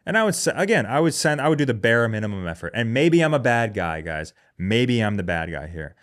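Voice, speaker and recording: A man's voice: mid-range voice, very animated, fairly quick, fairly bright tone. A man hosting a podcast in a casual comedic monologue, profane, sarcastic and self-deprecating. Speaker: podcast host.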